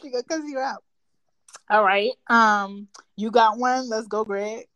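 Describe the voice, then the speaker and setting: A woman's voice: a little high, steady tone, unhurried, fairly bright tone, clear, resonant tone, no echo, dull audio. A woman co-hosting a late-night podcast, talking in a brash, profane and teasing way. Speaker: podcast co-host. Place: home desk.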